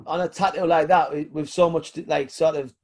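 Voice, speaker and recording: A man's voice: a little high, steady tone, normal speed, a little mellow. A man hosting a podcast in casual chat, easygoing, with fillers and casual swearing. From United Kingdom. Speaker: podcast host.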